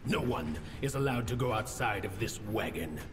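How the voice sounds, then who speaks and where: A man's voice: on the low side, lively intonation, moderate pace, close to an everyday voice. A man voicing officious male crow detective agents in a video game, speaking in a stiff, commanding way. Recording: reverberant game audio with music.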